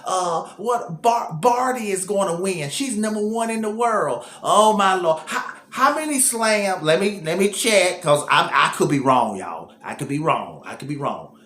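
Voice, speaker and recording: A man's voice: high voice, animated, measured pace, hardly any pauses, fairly bright tone, roomy sound. A man hosting casual tennis commentary, thinking aloud and repeating himself as he goes.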